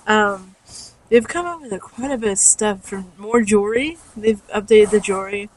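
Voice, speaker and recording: A woman's voice: mid-range voice, moderate pace. A young woman fan chatting casually to her listeners, bubbly and rambling with lots of likes and ums. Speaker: fan podcaster. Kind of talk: casual chat.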